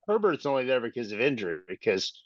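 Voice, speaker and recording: A man's voice: medium pitch, very animated, fast talker, dry recording. Chatty man, dull lo-fi sound. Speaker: podcast co-host, former football coach. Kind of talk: casual sports chat.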